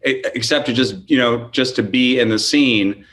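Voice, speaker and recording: Man musing with halting restarts. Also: medium pitch, a bit bright. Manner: thoughtful, halting, many restarts. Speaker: podcast guest. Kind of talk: casual chat.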